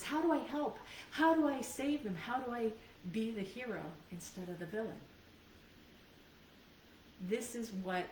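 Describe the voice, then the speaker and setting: A life and business coach with a mid-range, darkish voice leads a live video training in an earnest, conversational way, often checking in with her listeners. The distant mic gives a roomy sound with faint background noise.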